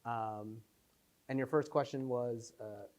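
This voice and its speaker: A man with a mid-range, darkish voice talks slowly and with fairly even intonation. As the filmmaker at an informal Q&A following a screening, he answers the audience in the screening room through loose, rambling anecdotes, heavy on fillers, performing his own quotes.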